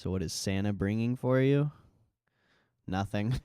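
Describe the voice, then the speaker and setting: Brief: male streamer, laid-back and profane, talking to chat, smooth clear tone, dry close sound. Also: lowish voice, measured pace, no room sound. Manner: relaxed, profane, reading chat aloud. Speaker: livestream host. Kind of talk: casual live stream chat.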